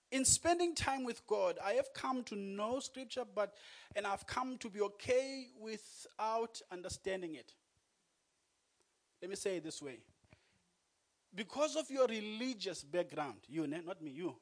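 A man delivers a sermon from the pulpit through a church microphone. His voice sits high for a man. He speaks earnestly and swells into loud, emphatic declarations. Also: lively intonation, measured pace. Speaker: preacher. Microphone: microphone on a church sound system.

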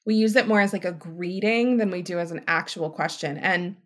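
A woman hosting a podcast as a healthcare provider, talking in a chatty, emphatic way and acting out quoted voices with big jumps in pitch. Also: fairly even intonation, fairly quick, a bit bright. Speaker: podcast host. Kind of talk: casual podcast monologue.

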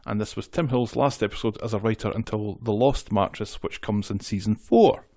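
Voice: medium pitch, moderate pace, warm tone, dry recording, studio quality. A podcast co-host in casual chat, reading out episode trivia and joking along. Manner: reads trivia notes, jokey, laughs easily.

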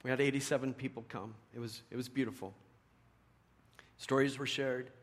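A middle-aged man preaching a sermon in a conversational storytelling way, dropping to a hush and rising to loud emphasis. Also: mid-range voice, fairly even intonation, normal speed. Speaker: pastor.

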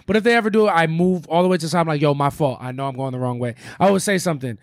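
Very fast-talking profane man. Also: a little high, no room sound, studio quality. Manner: profane, quick interjections. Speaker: podcast co-host. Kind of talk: casual chat.

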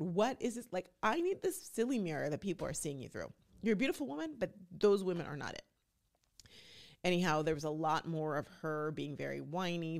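A woman's voice: low voice, vocal fry. A woman hosting a podcast, chatting casually and with strong opinions, acting out quotes as she goes. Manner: animated, opinionated, acts out quotes. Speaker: podcast host. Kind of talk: casual recap chat.

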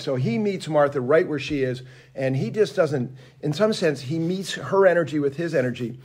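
A man co-hosting a Bible discussion, talking in an expressive way and acting out quotes with big jumps in pitch. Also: moderate pace. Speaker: podcast co-host. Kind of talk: animated conversational Bible discussion.

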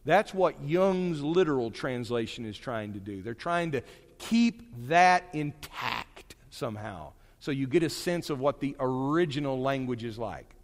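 A man teaching in a chatty, animated way. His pitch swings widely as he drifts into asides and restarts his sentences. His voice rings with the long reverb of a big hall. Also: measured pace. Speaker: Bible teacher. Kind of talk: conversational church teaching.

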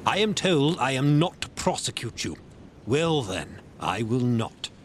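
A man reading the part of a stern, outraged gentleman squire in an audiobook, pressing each word out slowly with a rising, animated pitch. The voice sounds a little set back from the mic. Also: a little hiss or hum. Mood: indignant. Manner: stern, outraged, slow emphatic delivery.

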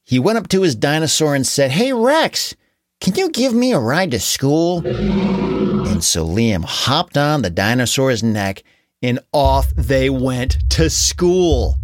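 An adult telling a children's story aloud in an animated, unhurried way. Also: medium pitch, no echo.

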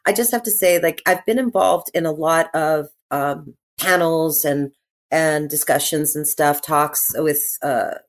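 Guesting on an interview show, a middle-aged actress talks in a casual, slightly low voice. She rambles in animated bursts, restarts her sentences and fills pauses with "you know" and "like."

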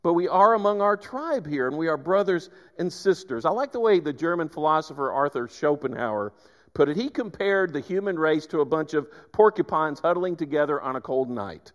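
Male pastor, fairly high voice, lively sermon storytelling, long hall reverb. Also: moderate pace, muffled recording. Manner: animated storytelling, frequent restarts.

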